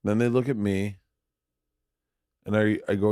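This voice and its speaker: A middle-aged man with a fairly low voice tells a story in a loose, rambling way, stumbling and repeating words as he builds up to the point. The sound is dry and close, with no room echo. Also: fairly even intonation, moderate pace, pauses often, dark tone, smooth. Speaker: podcast guest, husband. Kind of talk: casual storytelling. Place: home, late night.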